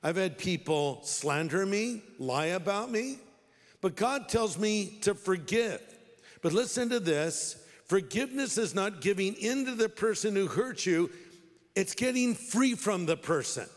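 A male pastor delivers a sermon in a high, bright voice, wry and direct in tone. The long reverb of a large hall trails behind each phrase. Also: expressive, unhurried.

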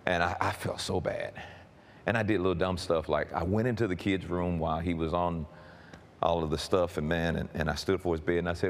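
A man preaching a personal testimony, swinging from quiet storytelling to shouted emphasis and often stammering repeated words. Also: deep voice, steady tone, fairly quick. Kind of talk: sermon testimony.

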